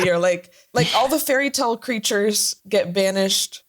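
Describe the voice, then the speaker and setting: A woman's voice: medium pitch, expressive, normal speed, few pauses. A young woman, a podcast guest, chatting casually and laughing often as she talks.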